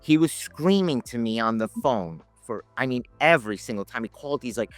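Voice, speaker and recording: A man telling lively anecdotes in a casual podcast chat, laughing and acting out the people he quotes. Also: medium pitch, a little fast, dry recording, faint music behind. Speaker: podcast guest, options educator. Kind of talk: casual storytelling.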